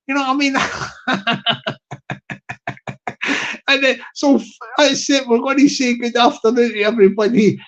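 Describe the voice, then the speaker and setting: Southwest english bloke on a live stream, chatty, rambly, keeps repeating himself, laughs a lot doing shout-outs. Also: male voice, very high voice, fairly even intonation, measured pace, pauses often, lo-fi sound. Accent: Southwest England. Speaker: livestream host.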